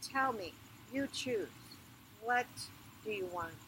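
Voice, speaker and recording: Woman doing a moaning underworld queen, offhand and bossy, slow, noisy outdoors. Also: mid-range voice, expressive, a bit bright. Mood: bargaining. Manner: groaning, then offhand and bargaining.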